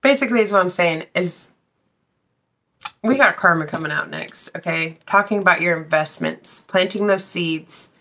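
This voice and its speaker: Bright and forceful, this woman's lowish voice moves at a normal speed as she gives a tarot reading. She's casual and blunt, addresses viewers directly, swears freely, and sometimes bursts into sung lines.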